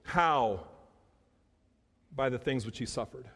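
A man preaching a sermon, emphatic, repeating phrases and slowing down to stress key words. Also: medium pitch, fairly bright tone, breathy edge. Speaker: pastor. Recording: long hall reverb.

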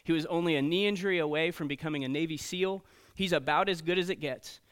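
Youth pastor guy telling stories to teens, smooth clear voice, kinda high, keeps saying okay? right?. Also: fast talker. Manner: storytelling, animated, frequent "okay?" and "right?" asides. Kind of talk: sermon to teenagers.

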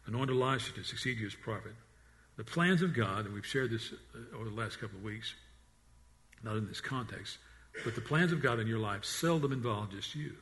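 A man preaching a sermon in an earnest voice, often repeating and restarting words, and dropping to a hush on the quiet lines. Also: mid-range voice, lively intonation, a little fast. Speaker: pastor.

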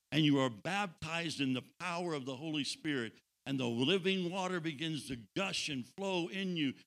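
Man preaching with hushed and rising passion. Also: medium pitch. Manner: dynamic pacing, drops to hushed intimate tones then builds; asks the congregation questions and jokes with them. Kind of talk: sermon.

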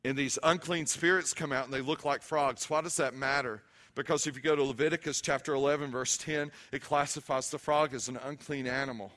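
A middle-aged man preaching a sermon, animated and emphatic, mixing humor with scripture. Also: medium pitch, a little fast, hardly any pauses. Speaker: pastor.

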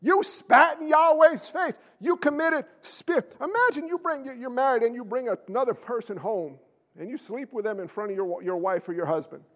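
A man's voice: extremely high pitch, lively intonation, normal speed, a bit bright. A male pastor preaching an impassioned, blunt sermon in plain folksy talk, in a church sanctuary. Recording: long hall reverb.

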